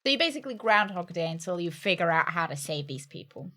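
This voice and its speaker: A woman's voice: on the low side, big pitch swings, fast talker, pushed and bright, faint music behind. Chatty British woman streaming a game. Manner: chatty, playful, teasing banter with chat. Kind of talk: casual let's-play chat.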